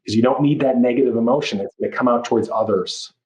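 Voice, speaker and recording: A man's voice: medium pitch, quick pace, a little mellow, rough recording. Earnest man, life coach on a podcast. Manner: earnest, reflective, repeats and restarts phrases. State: moved, near tears. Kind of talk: podcast interview.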